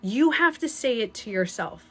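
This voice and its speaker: A woman's voice: a little high, animated, moderate pace. A woman speaking as a spiritual coach in a casual motivational talk. She is emphatic and blunt, swears casually and often repeats herself.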